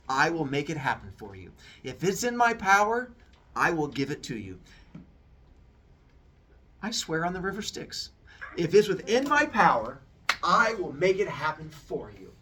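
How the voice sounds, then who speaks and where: A man voicing a sun god father who is deep and booming yet sheepish and apologetic. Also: bright, forceful tone, slight background noise, heavily acted.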